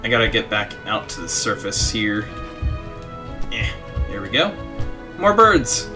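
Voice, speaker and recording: Faint game music sits behind this casual let's play commentary. The young streamer has a lowish voice with a level tone and moderate pace as he plays, chats, reads the game's text aloud and chuckles at his own antics.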